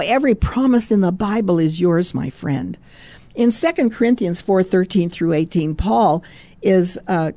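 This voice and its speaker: A woman's voice: fairly low pitch, warm tone, no room sound. A woman giving a Christian devotional, reading a story aloud and breaking in with chuckles, repeated phrases and "praise God" asides. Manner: emphatic, repeats phrases for stress.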